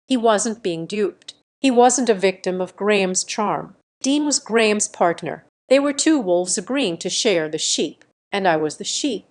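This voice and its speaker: Woman narrator, even and steady, reads a first-person drama tale. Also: medium pitch, measured pace, few pauses. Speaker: storytime narrator. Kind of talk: scripted first-person storytelling.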